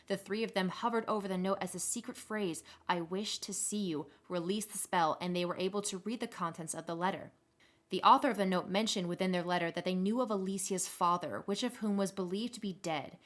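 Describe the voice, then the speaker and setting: A woman narrating and running a tabletop role-playing game as game master, telling the story in an animated way. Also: mid-range voice.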